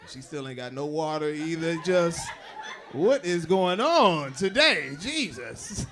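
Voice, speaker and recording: A man emceeing a comedy night. His voice is a touch higher than most men's, and he jokes loudly with the crowd between the acts. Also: animated, moderate pace, a little hiss or hum. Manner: loud, joking crowd banter. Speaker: comedy show host.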